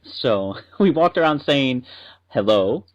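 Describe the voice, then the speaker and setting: A man's voice: mid-range voice, expressive, takes it slowly. A male podcast co-host with a mid-range voice who chats and explains at length. The audio sounds slightly muffled. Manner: chatty and explanatory. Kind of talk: casual podcast chat.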